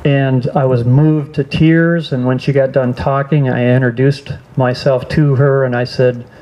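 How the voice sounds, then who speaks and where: An older man giving a personal testimony speech at a school assembly, earnest and halting, often restarting his sentences. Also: medium pitch, level tone, dark tone, slight background noise, poor audio. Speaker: guest speaker.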